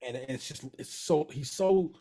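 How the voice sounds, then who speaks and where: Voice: medium pitch, unhurried. A podcast co-host in casual chat about a TV show, talking in heavy slang with frequent swearing. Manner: slangy, profane, animated retelling of scenes.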